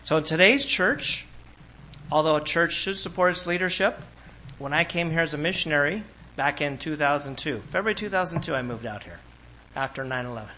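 Bright-voiced pastor telling stories. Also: male voice, on the high side, brisk, a little hiss or hum, poor audio. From Orange County, California. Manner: animated storytelling with laughs. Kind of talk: sermon.

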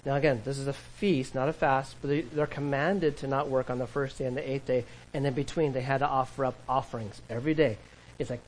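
A man's voice: medium pitch, fairly even intonation, fairly quick, slight background noise, rough recording. A man preaching a sermon to his congregation, emphatic and asking the church questions to answer back. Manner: emphatic call-and-response preaching. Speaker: pastor.

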